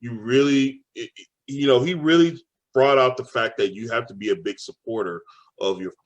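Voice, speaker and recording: A man from Dallas co-hosts a podcast with a mid-pitched voice, talking easily and leaning on fillers like "you know what I mean". He comes across agreeable and unhurried. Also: dull audio. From Dallas, Texas. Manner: relaxed, agreeable, filler-heavy. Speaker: podcast co-host. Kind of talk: casual podcast chat.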